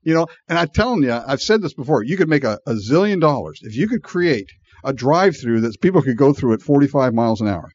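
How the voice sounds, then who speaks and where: Lively, animated male preacher. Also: medium pitch, quick pace, hardly any pauses, no room sound, highs cut off. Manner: animated and conversational, acting out voices with frequent laughs. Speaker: pastor. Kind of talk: sermon.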